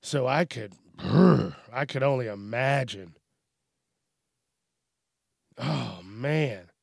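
A man's voice: medium pitch, animated, drawn-out words, creaky, darkish tone, slightly rough, no room sound, studio quality. A man casually riffing on news stories, laughing often, swearing, and rambling. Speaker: news commentary host. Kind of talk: casual comedic news commentary.

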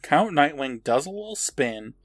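A man's voice: a little high, sing-song, normal speed, dry recording, studio quality. A man co-hosting a podcast, casually recapping an episode with frequent laughs and offhand swearing. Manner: laughs while narrating, swears casually, acts out quotes. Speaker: podcast co-host.

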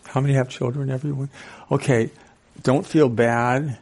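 Older male speaker, sixties, animated, audience questions, storytelling. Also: mid-range voice, moderate pace. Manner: storytelling with acted-out quotes. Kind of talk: talk to a live audience.

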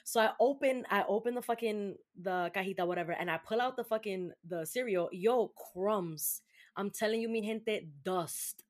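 A woman's voice: medium pitch, normal speed. A young woman hosting a chat show, telling a story casually with lots of swearing, laughter and Spanish words mixed in. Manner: animated, profane, laughing storyteller.

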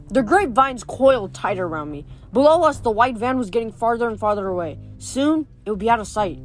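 A woman's voice: on the high side, lively intonation, brisk, hardly any pauses, faint music behind. A woman reading a novel aloud in a plain read-aloud manner, stumbling now and then. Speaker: reader.

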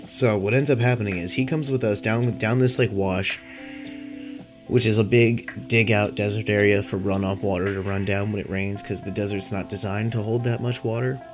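A man's voice: fairly low pitch, steady tone, moderate pace. A stoned young man hosting a podcast, rambling loosely through a casual story, swearing often. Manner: rambling and laid-back, heavy swearing. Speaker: podcast host. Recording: clear music playing behind. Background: guitar music.

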